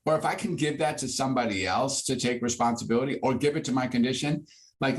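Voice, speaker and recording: A man in his sixties, a psychiatrist, talking freely in an interview and rising to high, lively bursts when he makes a point. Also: a little fast. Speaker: psychiatrist guest. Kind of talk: conversational interview.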